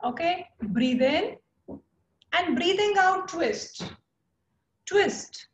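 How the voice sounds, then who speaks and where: A young woman with an Indian English accent leading a chair yoga class, encouraging students by name with slow, steady cues. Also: very high-pitched, roomy sound, muffled recording. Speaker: yoga instructor.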